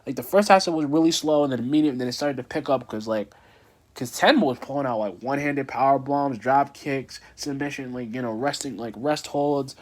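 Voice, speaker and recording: A man's voice: medium pitch, brisk. A young man casually recapping a wrestling show, rambling with many fillers and restarts.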